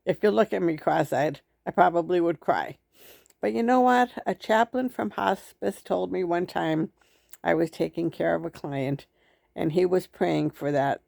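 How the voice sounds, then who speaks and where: A middle-aged woman talking to her viewers in a casual, heartfelt and encouraging way, and quick to get emotional. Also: fairly low pitch, creaky, a little mellow, no room sound, clean studio sound. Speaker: network marketer vlogger.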